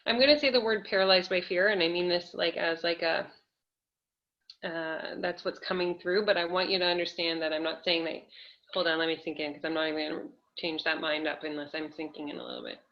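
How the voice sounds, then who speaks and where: A woman energy healer guiding a listener gently, with a coaxing, hesitant way of talking. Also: lowish voice, animated, a little fast. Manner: gentle, coaxing, many fillers and laughs. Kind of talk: live energy healing session. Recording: dull lo-fi audio.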